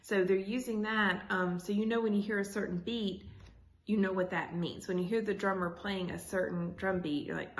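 A woman's voice: mid-range voice, steady tone, moderate pace, a little hiss or hum. A woman teacher reading a children's chapter book aloud, stopping to explain in a casual way with many fillers. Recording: echoey room.

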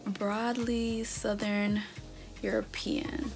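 A woman in her twenties, born in North America, chatting casually in a vlog and reading results aloud with animated reactions. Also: medium pitch, measured pace, creaky, pauses often. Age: 20s. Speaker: vlogger. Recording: background music under the voice. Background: music.

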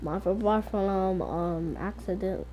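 A woman telling a casual game role-play story in a rambling, hesitant way with many pauses. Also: medium pitch, dark tone, slight background noise.

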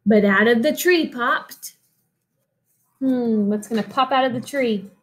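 Reading a picture book to a group of children, a woman teacher speaks expressively and pauses to put questions to them. Her voice is a little high, and the poor audio carries some hiss or hum.

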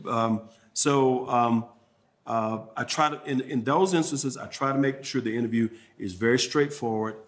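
A man with a Southern accent teaches a journalism workshop in a mid-range voice, neither high nor low. He speaks in a halting, unhurried way and restarts his phrases by repeating words. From Mississippi, USA. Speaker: journalism trainer. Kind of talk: workshop talk with audience questions.

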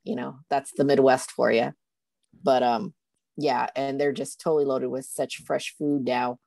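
A woman's voice: very deep voice, little pitch movement, a little slow, gravelly, warm tone, no room sound. A woman with a rural Illinois accent, telling stories and laughing easily in a casual video call. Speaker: coaching call participant.

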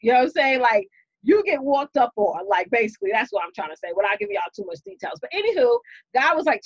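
A woman with a New York accent, hosting a casual live stream and telling a story to her viewers in a lively, chatty way, calling them y'all. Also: on the high side, fast, slightly rough, no echo, dull audio. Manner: animated, chatty, talks straight to viewers with y'all and you know. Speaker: business coach and live-stream host.

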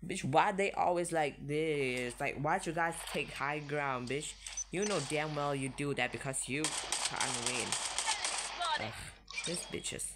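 A young man giving casual commentary while playing a mobile shooter, jumpy and constantly swearing, yelping when startled. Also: slow. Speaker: mobile shooter game streamer. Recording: noisy low-quality audio with loud hiss.

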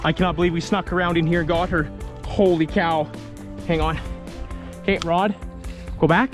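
Excitable fishing vlogger, higher-pitched man. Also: normal speed, over music. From Saskatchewan, Canada. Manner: excitable, exclaiming often. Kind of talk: casual outdoor vlog narration. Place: outdoors, wading in a weedy creek. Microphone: phone camera.

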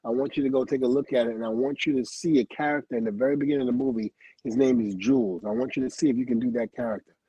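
Husky, mellow-voiced storytelling man. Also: medium pitch, rapid-fire, no room sound, lo-fi sound. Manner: lively storyteller who acts out quoted dialogue, laughs often, swears. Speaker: guest. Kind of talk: telling wrestling career stories on a livestream.

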